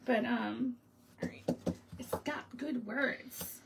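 Chatty woman with a gravelly edge. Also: a little high, slow pace, noisy background. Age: middle-aged. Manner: chatty storytelling, laughing often. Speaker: stamping demonstrator and show host. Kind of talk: casual live-stream chat while crafting. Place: home craft room.

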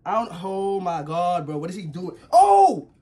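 A young man talking to his viewers in a casual vlog, nervous and rambling, with a slightly husky voice. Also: high-pitched, fairly even intonation, moderate pace. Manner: nervous, jumpy, rambling, slangy, yelps and laughs. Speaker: vlogger.

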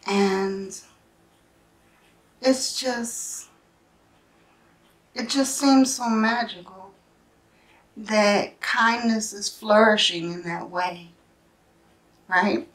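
A woman doing a spiritual tarot reading, speaking earnestly and emotionally in short halting phrases, often checking in with "right?". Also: medium pitch, fairly bright tone. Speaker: tarot reader.

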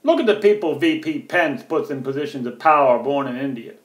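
A man's voice: mid-range voice, lively intonation, a little fast. An American man delivering a heated, profane political rant to camera, sarcastic and mocking. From United States. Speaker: political vlogger. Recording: echoey room.

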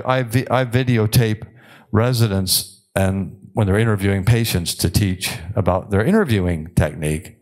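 An older man, a psychiatrist giving a conference lecture in a conversational, wry way, with many filler pauses. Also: lowish voice.

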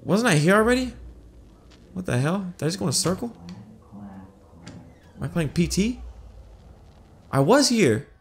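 A man casually commenting while playing a horror game, jumpy and excitable, cursing freely and thinking out loud. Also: high voice, a little slow, pauses often. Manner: jumpy, excitable, swears a lot. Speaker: gaming video host. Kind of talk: casual let's-play commentary.

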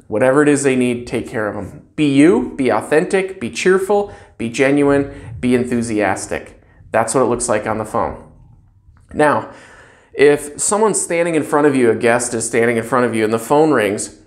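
A front desk trainer giving a staff training talk in an upbeat, emphatic way, stressing key words in repeated lists and acting out cheerful phone greetings. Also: medium pitch.

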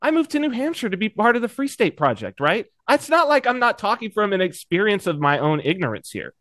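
A man co-hosting a podcast, talking in an animated way with stammering restarts. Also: sits high, brisk, dry recording, clean studio sound. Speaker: podcast co-host. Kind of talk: casual conversational chat.

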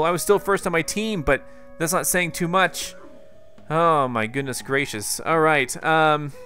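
Excitable young man commenting on gameplay. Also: a little high. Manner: excitable, jumpy exclamations, talks to viewers. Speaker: gaming YouTuber.

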